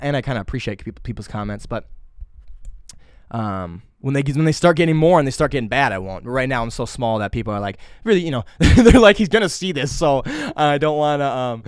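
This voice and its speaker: Young dude on his podcast, talks loud and fast, rambles and swears a lot, mid pitch, dry room. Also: smooth, no room sound. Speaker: podcast host. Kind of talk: casual solo podcast monologue. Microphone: camera mic.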